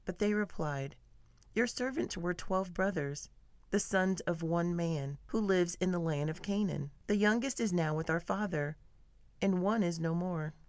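Low-voiced woman reading scripture. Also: dry recording. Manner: measured, even storytelling delivery. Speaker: scripture reader. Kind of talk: steady scripted Bible reading.

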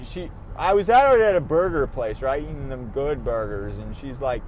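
A man's voice: medium pitch, animated, moderate pace, a little mellow, a little hiss or hum. A young man hosting his own podcast, talking casually in a rambling, self-deprecating way with easy swearing. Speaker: podcast host. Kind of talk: casual solo podcast monologue.

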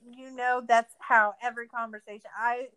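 A woman's voice: a little high, flat delivery, normal speed, bright, forceful tone, clean tone. A young woman co-hosting a podcast, ranting in a casual, profane, sarcastic recap. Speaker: podcast co-host.

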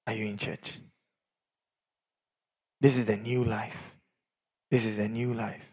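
A middle-aged man preaching a sermon, swinging from shouts down to near whispers. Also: on the low side, little pitch movement, slow, breathy edge. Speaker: pastor.

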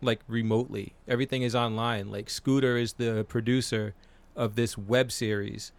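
Podcast co-host, forties, mid-pitched man, loose rambly delivery with lots of fillers and swearing. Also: steady tone, moderate pace. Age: 40s. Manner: rambling, profane, with many fillers. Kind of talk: casual chat.

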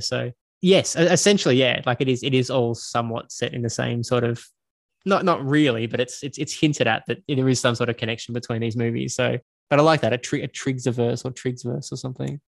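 An Australian filmmaker talking in a rambling, self-correcting way as a guest in a casual podcast interview. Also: male voice, medium pitch, fairly even intonation, a little fast, vocal fry, no room sound.

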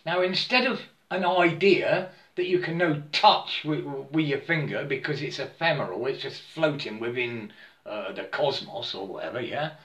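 A man's voice: a little high, a bit bright. A man talking in a rambling spiritual monologue, stammering, repeating himself and often checking in with his listener. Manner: halting and repetitive, stammers and keeps asking "yeah?". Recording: roomy echo.

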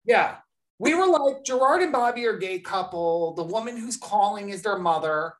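A woman's voice: mid-range voice, moderate pace. A woman hosting a podcast, telling a long story in casual chat and acting out the people she quotes. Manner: animated storyteller, acts out quotes. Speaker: podcast host.

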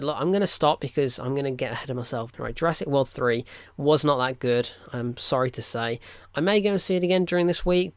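A man's voice: a little high, no room sound. A man reviewing films in a casual, rambling vlog, full of "look" and "right?" asides. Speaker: film reviewer. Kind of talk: casual weekly film diary vlog.

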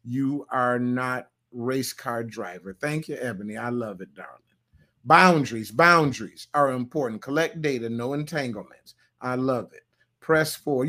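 Pastor guy talking aave, loose and folksy, reading viewer comments, gets loud sometimes, mid pitch. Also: moderate pace. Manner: loose, folksy, playful, with sudden loud bursts. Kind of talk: livestream sermon talk reading viewer comments.

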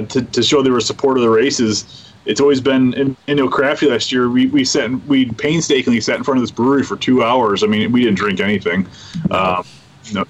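A man hosting a casual chat about boat racing, talking in halting starts and repeating his words. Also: mid-range voice. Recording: slightly muffled audio.

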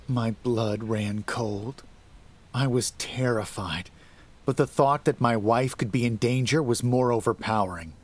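A man narrating a scripted horror story in a measured, dramatic way that rises to tense emphasis. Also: mid-range voice.

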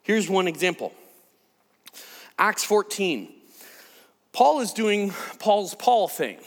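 A man preaching a casual, animated sermon who acts out the people he quotes. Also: high-pitched, slow, in a large hall.

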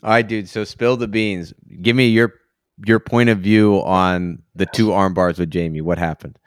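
Laid-back man with a smooth voice. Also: lowish voice, fairly even intonation, normal speed, no room sound, studio quality. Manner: laid-back, friendly slang, laughs easily. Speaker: podcast host. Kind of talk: casual interview chat.

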